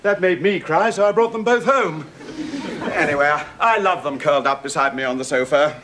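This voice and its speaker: A man's voice: a little high, fairly quick, close to an everyday voice. An English actor playing a fussy, chatty male writer in a 1970s sitcom, in a noisy old TV broadcast. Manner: fussy and self-amused. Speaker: sitcom lead.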